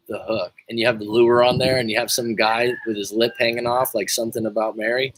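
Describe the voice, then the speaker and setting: A man's voice: mid-range voice, fairly even intonation, brisk, fairly bright tone, poor audio. A man coaching on a livestream in a casual, joking and profane way, rambling with frequent restarts while reading viewer comments. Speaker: life coach.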